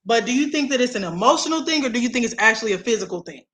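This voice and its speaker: Sassy bright-voiced woman co-host. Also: a little high, animated. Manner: sassy, playful, drawn-out emphasis. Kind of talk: casual chat.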